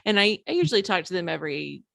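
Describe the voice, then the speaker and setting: Thirtysomething woman chatting frankly on a podcast, lowish voice, laughs a lot, dry close sound. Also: big pitch swings, rapid-fire, gravelly, fairly bright tone, dry recording. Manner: frank and self-deprecating, laughs often between phrases. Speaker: author and podcast guest. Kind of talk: candid conversational interview.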